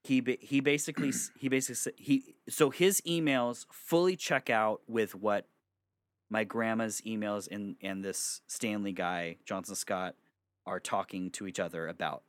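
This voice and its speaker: A young man in his bedroom telling a story for his vlog, animated and swearing freely. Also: fairly low pitch, normal speed, no echo. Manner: animated, swearing, breaks into laughter. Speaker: vlogger.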